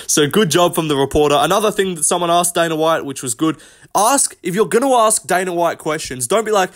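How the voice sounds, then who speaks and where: A man giving casual, rambling reaction commentary on a fight press conference, blunt and quick to swear. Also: on the high side, animated, a bit bright. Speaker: MMA commentary host.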